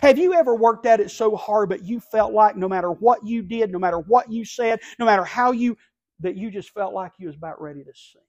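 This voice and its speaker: A man preaching an impassioned sermon from a church pulpit, swinging between hushed lines and shouting. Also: sits high, fairly quick, lo-fi sound. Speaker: pastor.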